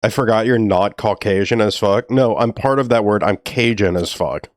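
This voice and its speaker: A New Orleans, Louisiana man chats casually on a stream, telling rambling stories and laughing a lot. His voice is on the low side at a normal speed, captured in a dry, studio-quality recording.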